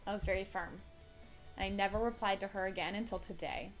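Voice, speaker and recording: A woman's voice: medium pitch, a little fast, soft background music. Blunt, indignant young woman vlogger. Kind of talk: storytime vlog, reading messages aloud. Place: indoors at home. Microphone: phone camera.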